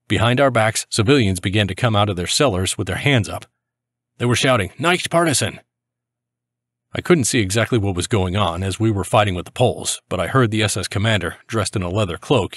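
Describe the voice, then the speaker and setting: A man with a fairly low voice narrates a first-person memoir, steady and grave throughout. The recording is dry and close, with no room sound around him. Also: no echo. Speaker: narrator reading a soldier's memoir.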